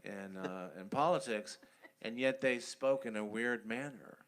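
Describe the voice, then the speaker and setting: A man chatting as a guest on a comedy podcast, animated and quick to slip into impressions. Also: mid-range voice. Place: podcast studio.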